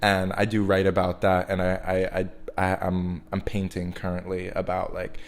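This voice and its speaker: A man's voice: low voice, monotone, normal speed. A man in his twenties from New York, a guest artist chatting casually and meandering, full of "like" and restarts. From New York, USA. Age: 20s. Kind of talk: casual interview chat.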